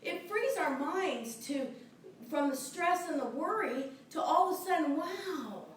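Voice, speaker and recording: A middle-aged woman minister preaches in a chatty, enthusiastic way, laughing as she goes. Her voice is high. It is picked up from far off in a very echoey church, with a faint hum of room ambience behind it. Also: lively intonation, unhurried. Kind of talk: sermon. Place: church sanctuary. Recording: very echoey, distant mic in a church.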